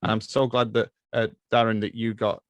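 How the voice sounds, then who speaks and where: A man's voice: lowish voice, flat delivery, a little fast, no echo, dull audio. A man with an English accent, a podcast guest chatting casually about films, hesitant with fillers and restarts. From England. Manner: hesitant, many fillers and restarts, laughs often. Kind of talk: casual chat.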